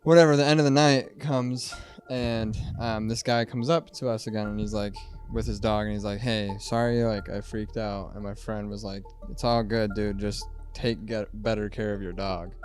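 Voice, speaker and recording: A man's voice: fairly low pitch, steady tone, normal speed, hardly any pauses, darkish tone, soft background music. A man in his twenties, a podcast guest, telling a story casually with a lot of "like" and laughing at himself. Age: 20s. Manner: rambling, many "like"s, laughs at himself.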